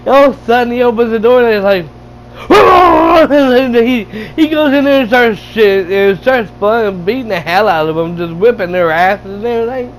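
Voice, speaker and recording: A man casually retelling a movie, excited and laughing, with lots of stumbling restarts and swearing. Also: sits high, a little hiss or hum, poor audio. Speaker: gaming channel host reviewing a movie. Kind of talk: casual rambling movie recap.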